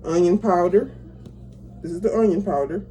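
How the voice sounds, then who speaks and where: A relaxed, mellow voice of a home cook walking viewers through a recipe. The talk is casual and chatty, with easy laughs between steps. Soft music plays faintly behind. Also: medium pitch, moderate pace, rough recording. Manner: chatty, talks viewers through each step, laughs easily. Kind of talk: casual cooking tutorial. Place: home kitchen.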